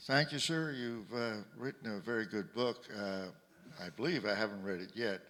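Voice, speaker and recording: A man in the audience asks a question haltingly, pausing often with "uh". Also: lowish voice, a bit bright. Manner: halting, hesitant, with many "uh"s. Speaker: audience member asking a question. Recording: long hall reverb.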